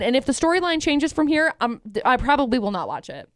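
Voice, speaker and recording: Woman co-host, high-pitched, excitable and animated, dry close sound. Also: a little fast, dry recording. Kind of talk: casual chat.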